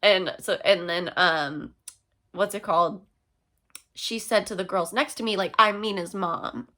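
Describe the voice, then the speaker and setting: A young woman vlogger chatting casually through a storytime, excitable and full of fillers. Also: medium pitch, a little slow.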